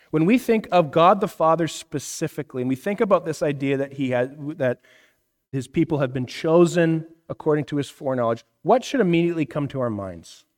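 A man in his thirties, a pastor preaching a conversational sermon, asking the room questions and often checking in with "right?". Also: fairly high pitch. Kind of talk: interactive sermon teaching. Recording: reverberant hall.

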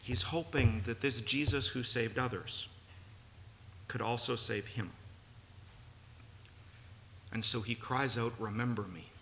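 A man's voice: mid-range voice, takes it slowly, creaky, pauses often, a bit bright. A man preaching a sermon in a church, earnest and building to emphatic peaks. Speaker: pastor. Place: church sanctuary. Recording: long reverb, faint room noise.

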